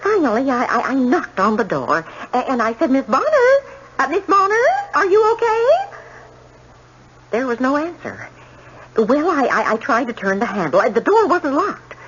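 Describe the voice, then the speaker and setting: A stammering nervous witness. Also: female voice, on the high side, big pitch swings, normal speed, a bit bright, slight background noise. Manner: stammering, hesitant. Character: nervous young woman witness on the stand. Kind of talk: 1970s radio drama acting. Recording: dull old radio broadcast.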